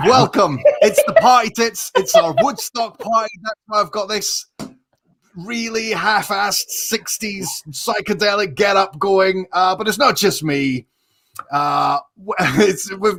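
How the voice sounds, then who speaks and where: An Irish man hosting a comedy show over a video call, excitable and self-mocking, swearing freely. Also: sits high, measured pace, breathy edge. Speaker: comedy podcast host. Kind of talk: casual comedic chat.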